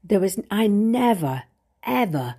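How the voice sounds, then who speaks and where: A woman's voice: medium pitch, big pitch swings, takes it slowly, dark tone, husky. A middle-aged woman talking frankly and at length in a candid personal monologue, rambling and swearing casually. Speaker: vlogger.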